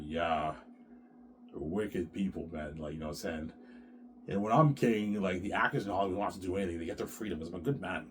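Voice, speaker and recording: A man's voice: deep voice, a little fast, a little hiss or hum. A middle-aged man delivering a profane, repetitive ranting monologue to camera, tacking "man" onto the end of his phrases. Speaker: vlogger.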